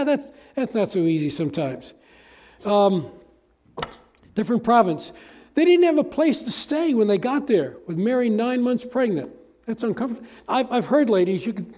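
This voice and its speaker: An older pastor preaches in a folksy, chatty way, often turning to his congregation with questions. His voice sits high yet sounds mellow and warm, never sharp. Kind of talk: conversational sermon.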